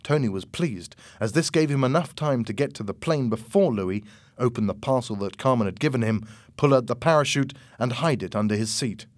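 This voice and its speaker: A man reads a storybook chapter aloud in slow, measured narration. His pitch sits in an ordinary middle range. The recording is dry and close, with no room sound. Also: lively intonation, dry recording. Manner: slow, measured, clear reading. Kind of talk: scripted audiobook narration.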